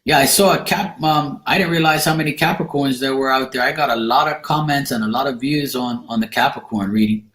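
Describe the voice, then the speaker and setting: A man's voice: medium pitch, brisk, hardly any pauses, a bit bright. A man chatting casually to camera, rambling and blunt, with casual swearing. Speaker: tarot reader. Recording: echoey room.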